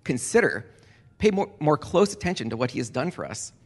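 A man leading communion as a pastor, speaking earnestly and deliberately, repeating key phrases for emphasis. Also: mid-range voice, big pitch swings. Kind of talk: communion sermon. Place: church sanctuary. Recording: long church reverb.

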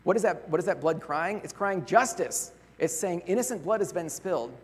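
A pastor preaching in a church, his somewhat high voice husky and lightly worn. He talks in an earnest, conversational way, tossing out rhetorical questions. The sound carries a long reverb from the large room. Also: lively intonation, brisk. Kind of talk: sermon.

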